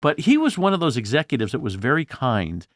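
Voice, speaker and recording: A man in his sixties hosting a podcast interview, telling lively stories and acting out the voices of the people he quotes. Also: medium pitch, fairly quick, no echo, clean studio sound. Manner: animated storyteller, acts out quoted voices. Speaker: podcast host. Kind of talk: conversational interview.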